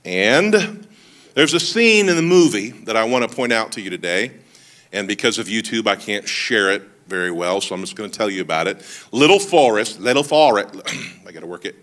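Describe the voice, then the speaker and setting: A lead pastor with a fairly low, brisk and slightly bright voice preaches at a church service, telling stories with humorous asides and calling on the congregation to respond.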